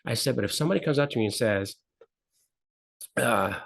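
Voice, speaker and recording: With a quick pace, vocal fry and a slightly bright medium-pitched voice, a middle-aged man tells a personal story as a talk show guest. His candid, earnest telling includes repeated phrases and acted-out quotes.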